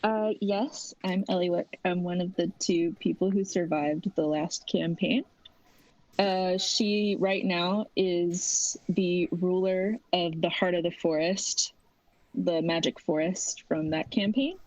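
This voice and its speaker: A woman introducing her tabletop character, jokey and halting as she hunts for a word. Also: fairly low pitch, steady tone, a little mellow, no echo, low-quality recording. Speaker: tabletop game player.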